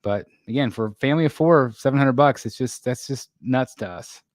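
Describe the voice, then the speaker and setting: A tired middle-aged man hosts a live stream, reading out viewer comments as he rambles. He clears his throat now and then and leans on fillers. His voice sits at an ordinary pitch and sounds dry and close. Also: a little fast, dry recording.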